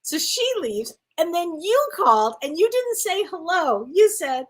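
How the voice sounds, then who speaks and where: Animated woman telling a story. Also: very high voice, measured pace. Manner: animated, acts out dialogue. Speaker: co-host. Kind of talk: casual storytelling chat.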